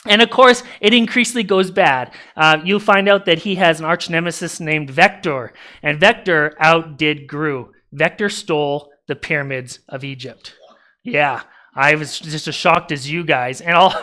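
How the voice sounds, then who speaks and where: Bright-voiced pastor telling a story. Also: male voice, fairly high pitch, a little slow. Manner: animated, retells a movie plot to the congregation with laughs and asides. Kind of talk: casual sermon storytelling. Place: church sanctuary.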